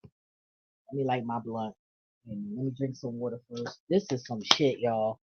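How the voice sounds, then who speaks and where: A woman's voice: a bass voice, steady tone, unhurried, slight background noise. A woman doing a casual tarot reading vlog, blunt and profane, with laughing asides. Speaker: tarot reader. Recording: dull lo-fi audio.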